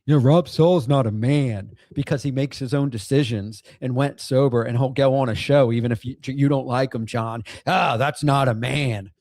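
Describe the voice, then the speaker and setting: A man's voice: mid-range voice, steady tone, normal speed, few pauses, mellow, no room sound, studio quality. A middle-aged man hosting a livestream, ranting with profanity and bursts of laughter while reacting to a clip and reading chat. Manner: heated, profane, laughing outbursts. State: in outpatient rehab.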